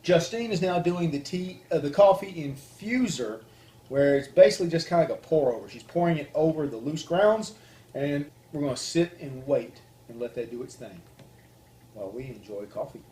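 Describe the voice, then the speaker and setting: On his own show, a Deep South host and coffee reviewer chats easily while demonstrating how he makes coffee, step by step, in a Southern US accent. He sounds animated and warm, pitched on the high side, speaking at a moderate pace in a roomy-sounding space.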